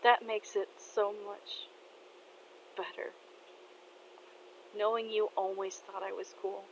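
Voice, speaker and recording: A woman voicing a soft-hearted, tearful father who talks to his daughter in a tender, soothing way. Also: mid-range voice, little pitch movement, takes it slowly, gravelly, a little hiss or hum, poor audio.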